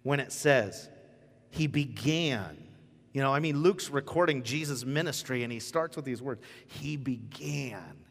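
A man preaching a casual, joking sermon as pastor, telling the story with lively asides. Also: mid-range voice, fairly quick, few pauses. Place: church sanctuary. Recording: church hall with long reverb.

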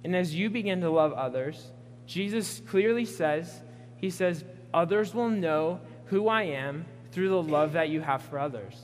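A man's voice: a little high, animated, a little slow, long reverb tail, soft background music. A young man preaching a sermon, telling a personal story in an earnest way with many fillers. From Pacific Northwest US.

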